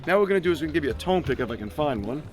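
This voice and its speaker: A man's voice: on the high side, expressive, rapid-fire. A man demonstrating his guitar product in an interview, upbeat and salesy, coaching a beginner step by step. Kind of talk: product demo with live guitar playing. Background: guitar playing.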